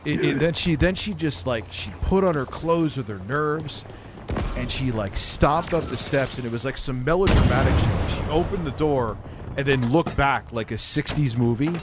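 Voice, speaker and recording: A man hosting a stream, telling crude stories in a blunt, animated way. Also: mid-range voice, normal speed, background noise. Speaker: streamer and host. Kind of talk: casual profane storytelling. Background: music.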